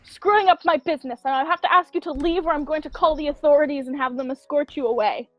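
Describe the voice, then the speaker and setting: A woman's voice: sits high, fast talker, no echo, highs cut off, soft background music, close to an everyday voice. A woman playing a fretful shopkeeper man. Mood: nervous. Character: nervous male shopkeeper running a contest.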